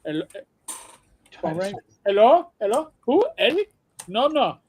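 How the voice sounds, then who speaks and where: A man's voice: sits high, big pitch swings, measured pace, darkish tone, a little hiss or hum. A man putting on a brusque voice for a joke answering-machine message, clipped and dismissive.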